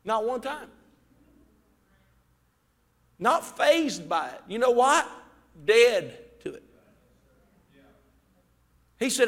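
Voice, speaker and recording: A man preaching a fervent sermon as pastor, swinging between shouted peaks and quiet, low asides. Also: big pitch swings, slow, pauses often. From Ohio. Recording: reverberant church hall.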